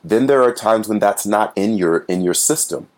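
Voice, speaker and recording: Male stage actor guest, very low voice, earnest and reflective. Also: normal speed. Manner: earnest, reflective, acts out little voices when telling stories. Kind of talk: casual interview chat.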